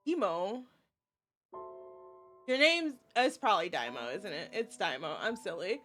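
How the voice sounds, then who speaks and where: A woman streamer reading a game's story aloud with emotional live reactions, swearing often and exclaiming loudly. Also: mid-range voice, sing-song, measured pace, long pauses, faint music behind.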